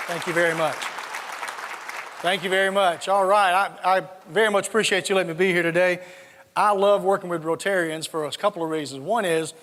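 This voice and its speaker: A folksy older man from South Georgia speaks with a Southern accent and a fairly high voice. He tells funny stories to an audience. A long reverb rings around him in a big conference hall. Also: a bit bright. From South Georgia, USA. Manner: folksy, humorous storyteller. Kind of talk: storytelling keynote with jokes.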